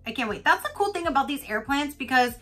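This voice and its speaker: A woman vlogger talks her way through an unboxing in a bright, slightly high voice. She is chatty and giggly and tells little stories between items. Soft music plays faintly behind her. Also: animated, fast talker. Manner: chatty and giggly, retells stories with lots of laughter. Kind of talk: casual unboxing chat. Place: home in Florida.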